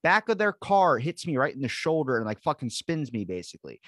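A man's voice: medium pitch, brisk, no echo, clean studio sound. Swearing, story-telling podcast host man. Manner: animated storyteller, swears constantly, acts out quotes. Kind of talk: casual chat.

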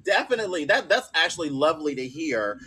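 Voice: medium pitch, sing-song, quick pace, sharp tone, breathy edge, rough recording. An interviewer asking questions, enthusiastic and admiring toward the guest.

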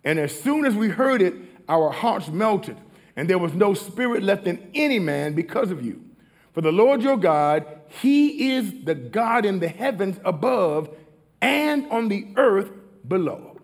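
A man preaching a sermon as pastor. He reads scripture aloud and explains it conversationally, swinging between loud emphatic declarations and hushed asides. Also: high-pitched, sing-song, measured pace.

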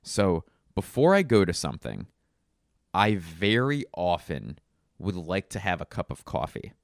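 A man's voice: low voice, big pitch swings, a little slow, creaky, no room sound, clean studio sound. A man hosting a solo comedy podcast, rambling through wry, self-mocking tangents.

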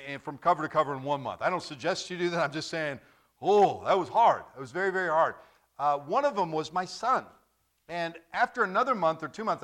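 A man preaching a sermon as pastor, with lively, repetitive delivery and joking stories. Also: fairly high pitch.

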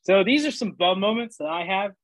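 A young man with a fairly high voice tells funny vacation stories in an animated, profane way, laughing at his own jokes. The sound is dry and close, with no room around it. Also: fairly quick, no room sound, low-quality recording. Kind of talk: casual storytelling chat.

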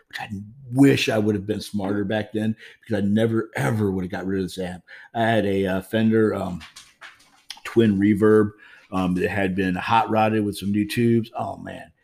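A man's voice: fairly low pitch, steady tone, normal speed, gravelly, darkish tone. A man hosting a podcast from his home, talking in a frank, rambling way with many fillers and restarts. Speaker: podcast host. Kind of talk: casual monologue.

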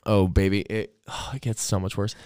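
A young man with a smooth, clear, fairly low voice tells a story at length on a podcast. He rambles along with plenty of "like"s and the occasional curse. The sound is close and dry. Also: moderate pace, dry recording. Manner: rambling, animated storyteller with many "like"s and profanity. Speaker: podcast host. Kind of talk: casual storytelling chat.

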